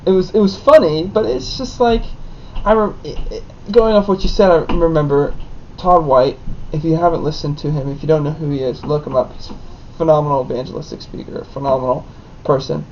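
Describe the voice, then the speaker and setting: A young married man, the son of his co-host, telling a story in an animated way with lots of "like". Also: a little high, brisk. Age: young adult. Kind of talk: casual storytelling. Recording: dull lo-fi with faint noise.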